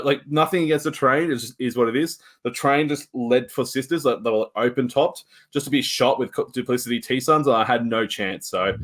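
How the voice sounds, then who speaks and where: A man co-hosts a casual podcast and rambles through his games with a mid-pitched voice. He keeps shrugging things off as he talks, in loose, chatty phrasing. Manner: rambling game recap with frequent shrugging asides. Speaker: podcast co-host.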